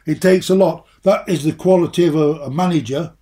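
An older man reminisces about his playing days. His voice is husky and mellow, pitched a little high for a man. He talks animatedly and repeats words as he warms to each story. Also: brisk. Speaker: former footballer guest. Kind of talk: casual reminiscing chat.

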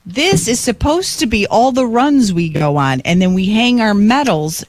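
Woman, 40s, podcast co-host, animated storyteller, dry close mic. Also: normal speed, no echo. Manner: animated, laughing, jumps into high voices for quotes. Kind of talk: casual storytelling chat. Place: home studio in a basement.

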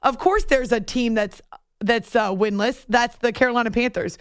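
A woman's voice: fairly high pitch, normal speed, clear, resonant tone, no room sound, studio quality. A woman hosting a late-night sports radio show, talking casually with sarcastic, self-mocking asides. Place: radio studio. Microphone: studio microphone.

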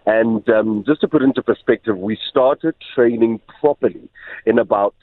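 A man, telling his story as a radio guest, halting and often restarting. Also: medium pitch. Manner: halting, many repeated restarts. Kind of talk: casual storytelling in an interview. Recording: tinny phone line.

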